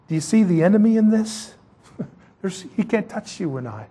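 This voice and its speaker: A man's voice: expressive, normal speed, a little mellow, breathy edge. A man preaching a sermon who tells the story dramatically, acting out scenes and rising to emphatic peaks. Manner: rises to emphatic high-pitched peaks.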